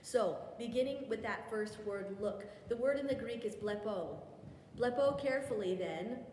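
A woman's voice: medium pitch, moderate pace, darkish tone, slight background noise. A woman teaching a women's Bible study lesson in a church hall. She explains step by step, with chatty asides and self-corrections. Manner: explanatory, guiding listeners step by step. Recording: echoey hall with faint background ambience.

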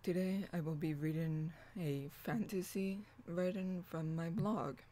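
A channel host reading their own blog writing aloud as calm, repetitive spoken affirmations, deliberate and soothing. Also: mid-range voice.

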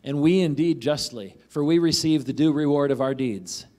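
A man's voice: fairly high pitch, moderate pace, a little mellow. A man preaching a sermon as a pastor, in a conversational way, often asking "right?" and acting out the voices of the people in the passage he reads.

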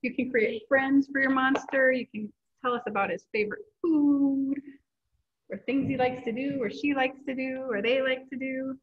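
Woman, kids' art teacher, encouraging, fairly high voice, husky, tinny phone-like sound. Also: fairly even intonation, moderate pace. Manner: encouraging, upbeat with children. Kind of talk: kids' class instruction and read-aloud.

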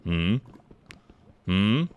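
A man's voice: low-pitched, animated, drawn-out words, smooth. A young man livestreaming a game, chatting casually with his viewers, joking and swearing as he answers their messages. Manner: loose and joking, swears freely, answers chat out loud. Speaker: livestreamer playing a game and reading chat. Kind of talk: casual stream chat.

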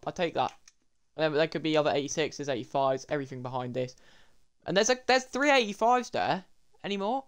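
A young man, commentating his game pack openings in an excitable way and talking to viewers as lads and boys. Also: on the high side, a little fast, clear, resonant tone. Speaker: gaming YouTuber.

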